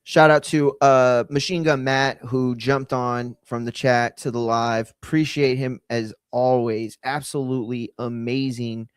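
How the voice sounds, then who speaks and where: A man's voice: medium pitch, level tone, measured pace, few pauses, smooth, no echo. Man casually hosting a live stream, dry. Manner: loose, rambling, offhand with viewer shout-outs.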